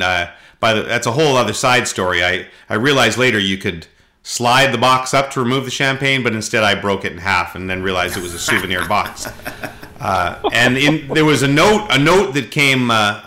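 Bright-voiced man telling stories. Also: medium pitch. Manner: rambling storyteller, frequent halting fillers, does voices in anecdotes. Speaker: podcast host. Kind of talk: casual podcast chat.

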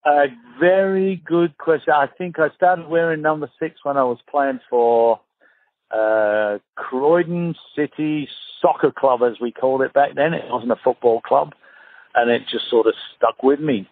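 In this casual interview, the same kind of speaker, an Australian ex-footballer in his fifties, spins lively anecdotes and performs the quotes himself. His mid-range voice is unhurried, and the audio is dry and tinny like a phone, without echo.

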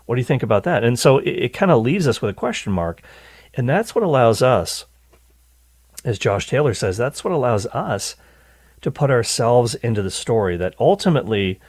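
A man hosting a radio show, explaining a Bible story in an animated storytelling manner with frequent restarts. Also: medium pitch, normal speed, dry recording. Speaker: radio host.

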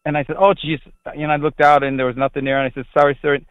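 A man's voice: medium pitch, level tone, very fast, clear, resonant tone, dry recording. A middle-aged man who is a priest, giving earnest, rambling interview answers with frequent restarts. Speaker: Catholic priest. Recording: tinny phone line, dry.

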